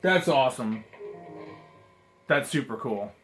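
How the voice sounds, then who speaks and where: A man reviewing trading cards in a casual vlog, rambling and swearing, swinging between mumbled asides and excited outbursts. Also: mid-range voice, takes it slowly, soft background music. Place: apartment room.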